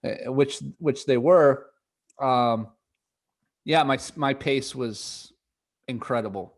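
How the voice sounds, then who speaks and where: A man's voice: mid-range voice, slow. Golf podcast co-host, man, casual and chatty, restarts often, laughs easily. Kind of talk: casual chat.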